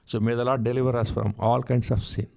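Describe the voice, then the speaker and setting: A man preaching a sermon, building to loud, insistent repetition and praying in tongues. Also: medium pitch, little pitch movement, fast, gravelly. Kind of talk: sermon with prayer.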